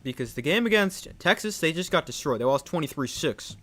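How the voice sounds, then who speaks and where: Young male play-by-play caller, high lively voice that jumps on big plays. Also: brisk. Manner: excitable, rising sharply on big plays. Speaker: play-by-play streamer. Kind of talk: live play-by-play commentary.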